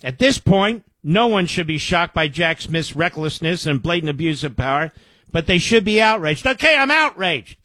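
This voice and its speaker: Male talk host, high-pitched, sarcastic, indignant commentary, dry studio sound. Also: expressive, normal speed, fairly bright tone, no room sound. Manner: indignant, sarcastic asides between quoted reports. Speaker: radio show host. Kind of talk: political commentary, reading news aloud.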